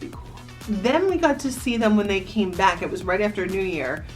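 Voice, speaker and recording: A woman's voice: medium pitch, moderate pace, soft background music. A woman in her thirties from New Jersey, a vlogger casually telling a story to the camera and reminiscing in a chatty way. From New Jersey, USA. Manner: chatty, animated reminiscing with quoted voices.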